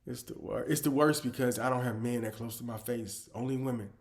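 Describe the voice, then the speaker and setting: A man hosting his own comedy show, ranting animatedly about pet peeves, dropping to low mutters and then bursting out loud. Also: fairly quick, creaky. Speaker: comedian host. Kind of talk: comedic monologue.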